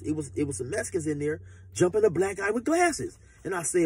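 A man's voice: high voice, very animated, fairly quick, a little mellow, breathy edge, no echo. A man telling a personal story in a laid-back, slangy, profane, rambling way. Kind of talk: casual storytelling.

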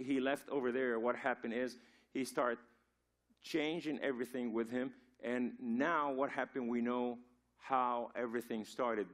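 A man from Lebanon preaches as a guest in a church, telling the story loosely. He restarts his sentences often and leans on "you know" while explaining. His voice sits at an ordinary middle pitch for a man. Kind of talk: sermon. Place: church sanctuary.

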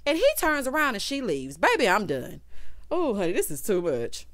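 A woman's voice: mid-range voice, wildly swooping pitch, normal speed, fairly bright tone, no echo, clean studio sound. A woman giving a sassy, casual recap of a reality show, talking straight to her viewers. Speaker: TV recap reviewer.

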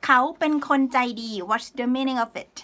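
Woman, high voice, live-stream language teacher: patient step-by-step explainer who answers the chat. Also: little pitch movement, racing, fairly bright tone. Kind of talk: live online language lesson.

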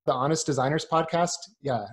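A man's voice: on the high side, fairly quick. A man talking as a guest on a podcast in a casual chat, earnest and a bit rambling. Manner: earnest, rambling, many fillers and restarts. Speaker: podcast guest, business owner.

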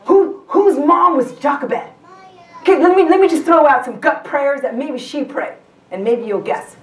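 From a distance in an echoey church hall comes a woman's high-pitched voice at a moderate pace. As guest pastor in the sanctuary, she preaches in a conversational way, regularly restarting her sentences and asking the congregation questions.

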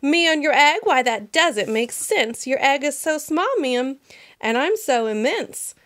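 A woman voicing a gentle, faithful male elephant who speaks earnestly in a storybook reading. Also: high voice, animated, unhurried. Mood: amused.

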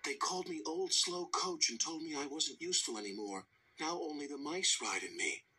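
A man's voice: on the high side, animated, moderate pace, sharp tone, breathy edge, soft background music, heavily acted. A man voicing a sad old female railway coach in a storybook, speaking mournfully.

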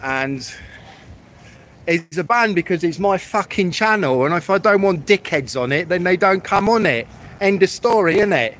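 A man's voice: high voice, expressive, normal speed, a bit bright, slight background noise. A man live-streaming from a public street, talking bluntly and swearing as he rambles through a rant.

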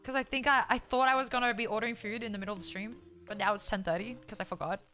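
Racing through her words in a steady tone, a young Australian woman streams live and reads viewer chat aloud over soft background music. Her voice is on the high side, and she's loud, exasperated, swears freely, and laughs frequently.

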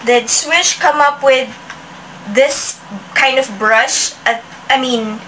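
A woman's voice: high voice, slow pace, a bit bright, distant mic, slight background noise, low-quality recording. A woman reviewing makeup brushes in a casual, chatty vlog, with many restarts and frequent "like". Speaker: beauty vlogger.

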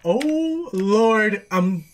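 A man hosting a music video reaction, excitable and swearing freely, talking to himself and squealing when thrilled. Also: high voice, very slow. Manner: talks to himself aloud. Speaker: reaction channel host. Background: faint music video playing.

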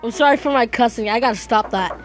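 A woman hosting a reaction video in casual commentary, excitable and quick to burst into shrieks and exclamations. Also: fairly high pitch, music in the background.

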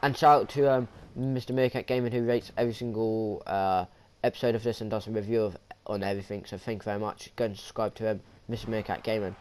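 A young man giving excited, rambling play-by-play commentary over a wrestling video game, pleading with the action on screen. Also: on the low side, fast talker, smooth. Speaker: gaming commentator.

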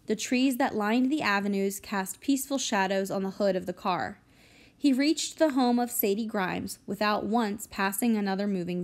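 A woman narrating a short story audiobook in a steady, even manner. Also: medium pitch.

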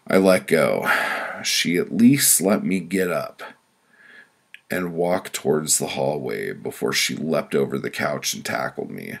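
A man reads his own story aloud, deadpan and blunt, breaking into loud shouts at times. His voice sits very low and gravelly, with a husky edge. The telling stays plain and unhurried. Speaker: author reading his own work. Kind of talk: spoken-word storytelling.

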